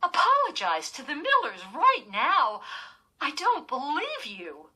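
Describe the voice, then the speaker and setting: A woman's voice: sits high, huge pitch swings, takes it slowly, pushed and bright, voice pushed up, exaggerated voice. A woman voicing an angry mother in a storybook reading, scolding her daughter in a demanding tone.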